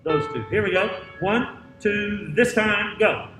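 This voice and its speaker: A man directing a choir rehearsal, counting off, singing out parts and giving brisk instructions in a rehearsal room with a piano. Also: high-pitched. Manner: brisk counting and sung demonstrations. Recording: roomy, distant mic with piano.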